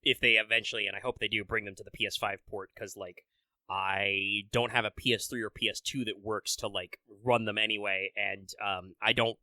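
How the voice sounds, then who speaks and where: A man's voice: lowish voice, steady tone, normal speed, sharp tone, no echo, clean studio sound. A man co-hosting a podcast, chatting casually in a rambling, profane way with lots of restarts. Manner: rambling, profane, self-interrupting; restarts and filler words. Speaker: podcast co-host. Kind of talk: casual chat.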